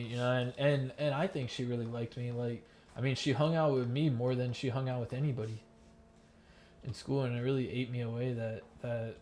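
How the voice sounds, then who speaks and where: A man's voice: mid-range voice, darkish tone, a little hiss or hum. A young man from the Miami area telling a long personal story in game voice chat, rambling and emotional, swearing often with many fillers and restarts. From Miami area, United States. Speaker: gamer in voice chat, active soldier. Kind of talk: casual storytelling during gameplay.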